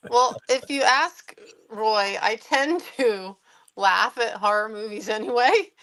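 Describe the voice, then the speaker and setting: A woman co-hosting a casual film discussion, unhurried and quick to laugh. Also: on the high side, a bit bright, poor audio.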